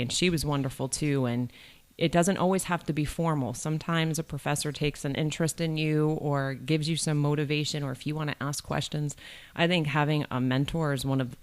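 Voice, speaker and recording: A woman's voice: deep voice, a little mellow. A middle-aged woman from New York State, a college provost, telling a personal story in an interview and acting out the voices she quotes.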